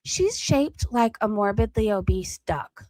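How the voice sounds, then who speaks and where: A woman's voice: mid-range voice, expressive, measured pace, darkish tone, no room sound. A woman hosting a casual livestream commentary, chatty and loose, with lots of "um" and "like". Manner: chatty, with frequent fillers like "um" and "like".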